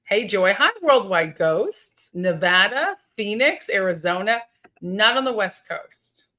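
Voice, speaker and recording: A woman's voice: mid-range voice, lively intonation, slow pace, pushed and bright. A woman in her thirties hosting a casual livestream from her home office, chatting with viewers and reading out their comments. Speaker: livestream host. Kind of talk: casual live-stream chat with viewers. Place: home office with high ceilings and skylights.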